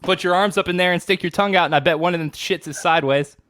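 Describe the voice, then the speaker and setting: A man's voice: high voice, fast, a bit bright, no echo. A man co-hosting a podcast, teasing and crude in casual comedic banter. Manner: teasing, crude, laughing often. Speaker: podcast co-host.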